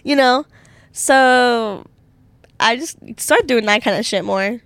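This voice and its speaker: Casting: young woman, solo podcast host, chatty and giggly, bright high voice, dry close mic. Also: slow, clean tone, dry recording. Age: young adult. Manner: rambling, giggly, filler-heavy. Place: college dorm room.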